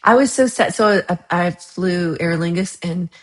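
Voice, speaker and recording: A woman's voice: fairly low pitch, unhurried. Chatty woman hosting a livestream. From United States. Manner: chatty and rambling, laughs often. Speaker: livestream host. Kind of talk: casual chat reading viewer comments.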